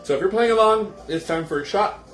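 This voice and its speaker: A man's voice: high voice, a little fast, fairly bright tone, faint music behind. Chatty man hosting a home cocktail show. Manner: chatty, talks straight to viewers. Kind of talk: casual live cocktail demo. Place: indoors at home. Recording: roomy echoey room.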